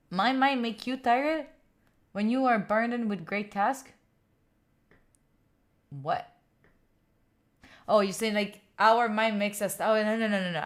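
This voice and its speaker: An Italian woman in her twenties, a study streamer, answers her live chat in a tired, rambling way. Her voice is medium-pitched, and she speaks slowly with long pauses. Italian is her first language.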